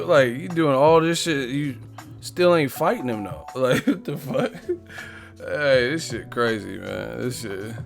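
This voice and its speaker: A young man chats on a live boxing stream in a drawn-out, unhurried way, cursing freely and breaking into laughter as he mocks what he talks about. Faint music plays behind him. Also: mid-range voice, expressive, creaky. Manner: loud, laughing, profane, mocking, mimics others. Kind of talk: casual live-stream chat.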